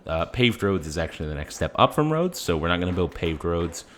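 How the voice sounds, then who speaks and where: Deep-voiced man narrating his gameplay. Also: very animated, a little fast, a little hiss or hum. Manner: chatty, explains as he plays, many "uh" fillers. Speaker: gaming channel host. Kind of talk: casual game commentary.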